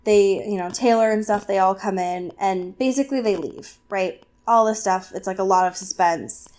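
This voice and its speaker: A woman co-hosting a casual podcast, recapping a novel chapter with lots of fillers and quick asides. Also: mid-range voice, a little mellow. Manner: chatty, filler-heavy, acts out characters in quick asides. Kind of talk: casual chat.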